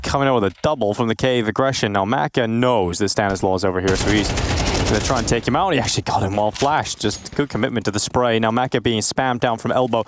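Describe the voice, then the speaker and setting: A man commentating esports play-by-play on a headset, jumping up in pitch and volume on big plays, with game gunfire mixed under his voice. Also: fast talker, noisy background. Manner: rises sharply in pitch and gets loud on big plays. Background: in-game gunfire and clicks.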